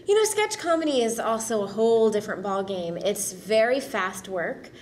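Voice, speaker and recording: A woman's voice: medium pitch, lively intonation, moderate pace, darkish tone, slight background noise. A woman actress answering interview questions casually, upbeat, friendly and enthusiastic.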